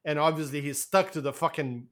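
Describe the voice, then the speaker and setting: Joking Portuguese-native man, slightly high voice. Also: fairly quick. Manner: animated, joking storyteller who swears casually. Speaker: podcast co-host. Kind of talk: casual chat.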